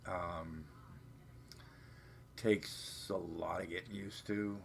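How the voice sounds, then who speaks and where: A man's voice: deep voice, fairly even intonation, extremely slow, gravelly, a little hiss or hum. A man hosting a livestream from home, chatting in a rambling, profane, meandering way. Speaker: livestream host. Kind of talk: rambling live-stream chat. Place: home, off camera.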